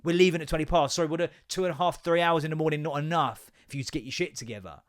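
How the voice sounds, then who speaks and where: A man's voice: on the high side, racing. A man, a podcast host telling an exasperated, sweary story about his kids. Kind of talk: casual ranting monologue.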